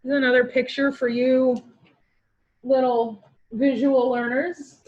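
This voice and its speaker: A woman's voice: high-pitched, flat delivery, slow, lo-fi sound. A woman with a Canadian accent, teaching a class in a chatty, joking and encouraging way. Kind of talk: online class lecture.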